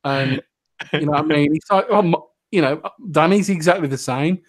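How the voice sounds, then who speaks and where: A man's voice: a little high, moderate pace. A man with a British accent on a podcast, reading out the live chat in a sarcastic, jokey way. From United Kingdom.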